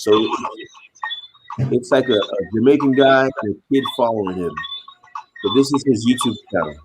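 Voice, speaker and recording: Animated man hosting a noisy live stream. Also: on the low side. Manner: animated, repeats himself, asks viewers for help. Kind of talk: casual live chat reading comments. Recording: loud background noise.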